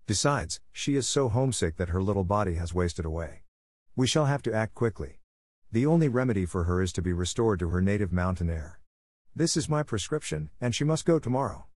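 A man voicing a kind, calm middle-aged doctor who speaks gently and reassuringly. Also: fairly low pitch, brisk, no echo, clean studio sound. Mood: serious.

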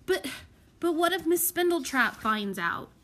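A woman voicing a timid, nervous orphan boy with rough, anxious speech. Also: very high-pitched, lively intonation, a little slow, fairly bright tone, voice pushed up, full character voice.

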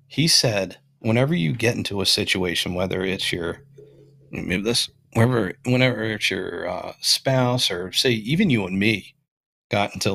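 A man's voice: fairly low pitch, creaky, a bit bright. A young man hosting a casual podcast, thinking aloud as he talks, with frequent restarts and fillers. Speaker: podcast host.

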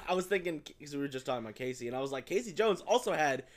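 A man in his twenties co-hosting a casual chat, animated and swearing, acting out quotes. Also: on the high side, fast talker, crowd noise. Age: 20s. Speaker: podcast co-host.

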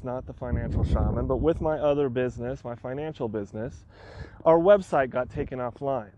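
A man hosting a solo podcast, telling a personal story in an animated way and acting out his own frantic outbursts. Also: medium pitch, muffled recording, background noise. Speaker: podcast host.

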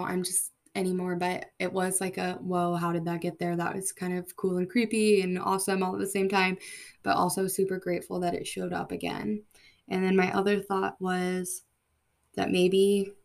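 A woman hosting a podcast, telling a personal story in an earnest, emotional way with many fillers. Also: lowish voice. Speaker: podcast host.

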